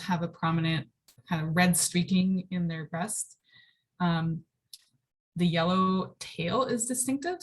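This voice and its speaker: A woman presenting a casual online slide lecture, relaxed and full of ums and likes, speaking over a video call. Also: on the low side. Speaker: birding presenter.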